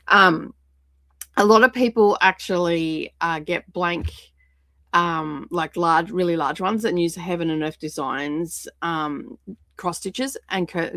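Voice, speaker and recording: A woman's voice: fairly low pitch, a bit bright, no echo. Chatty woman explaining her crafts. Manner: chatty, rambling, explains as she goes. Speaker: craft livestream host. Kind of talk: casual craft-along chat.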